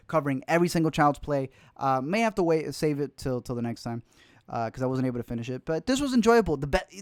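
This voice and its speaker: A man's voice: medium pitch, smooth, no room sound, clean studio sound. A young man hosting a casual livestream, talking about films he missed, rambling with lots of fillers and restarts. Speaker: film reviewer, host.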